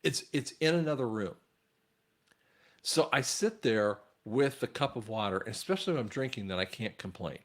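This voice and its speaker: A man's voice: medium pitch, expressive, moderate pace. An earnest man speaking straight to his online viewers about faith and patience. His voice sits in an ordinary middle range, and he often restarts with a repeated word before pushing on. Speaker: online commentator. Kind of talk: faith talk monologue.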